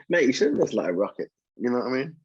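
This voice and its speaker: A man's voice: medium pitch, darkish tone, breathy edge, dull audio. A man from Salford with a Salford accent, a podcast guest talking in an easygoing, laid-back way. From Salford, England. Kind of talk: casual chat.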